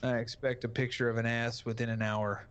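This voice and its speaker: A man's voice: mid-range voice, level tone, a little fast, fairly bright tone, clear, resonant tone. A man, a guest streamer, chatting casually in a crude, jokey way with frequent swearing. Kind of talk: casual podcast chat.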